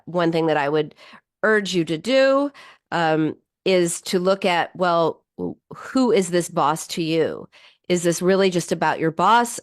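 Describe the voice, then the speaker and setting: A woman hosting an advice radio show, answering listener questions in an animated, chatty way with fillers and restarts. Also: on the low side, no echo, studio quality. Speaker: radio show host and psychologist.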